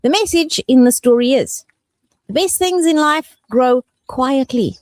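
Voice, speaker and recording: 生き生きした南アフリカ訛りの女性ラジオ司会者. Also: female voice, sits high, measured pace, dry recording, studio quality. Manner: playful, animated, affectionate. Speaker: radio host. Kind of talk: casual radio chat. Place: radio studio.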